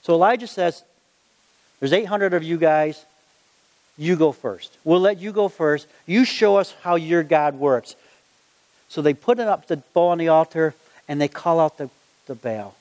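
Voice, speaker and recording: A man preaching a sermon, reading Bible verses aloud and acting out the story in lively voices. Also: on the high side, unhurried. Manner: animated, acts out the story in voices. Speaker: gospel magician preacher. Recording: long hall reverb.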